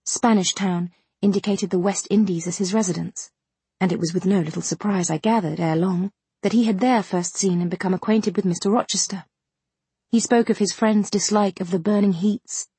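A woman reading a classic novel aloud in first person with a measured, even delivery. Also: mid-range voice, husky, no echo. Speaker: audiobook narrator.

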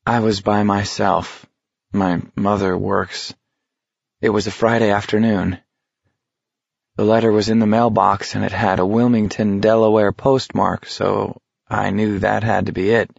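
A man's voice: lowish voice, level tone, a little slow, creaky, dry recording, muffled recording. A man reading a frightened teenage boy on a grueling walk, his panic breaking through as he speaks. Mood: bitter reminiscing. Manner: panicky, rising to shouts.

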